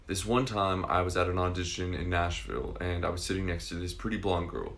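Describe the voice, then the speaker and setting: A man from Oklahoma tells a short story to the camera and plays both sides of a conversation. His voice is low but bright and forceful, and he sounds incredulous. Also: brisk. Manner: incredulous, retells dialogue. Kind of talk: storytelling social media clip.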